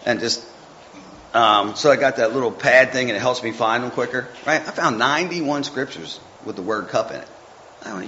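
A man's voice: medium pitch, pushed and bright, slight background noise. Male lay speaker, informal sermon, chatty and meandering; slightly dull recording with faint background. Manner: folksy, rambling, chatty asides. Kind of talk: informal devotional talk. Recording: muffled with faint background ambience.

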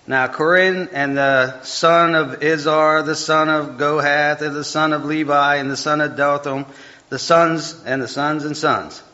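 A man's voice: medium pitch, pushed and bright. A man leading an informal Bible study, rambling and correcting himself as he stumbles over hard names. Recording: dull lo-fi recording.

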